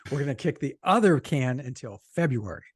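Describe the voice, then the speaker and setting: A middle-aged man from the United States co-hosting a political podcast, animated and quick to laugh, with blunt, salty asides. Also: medium pitch, slightly rough, dry recording, studio quality. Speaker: podcast co-host, political cartoonist. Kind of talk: casual political chat.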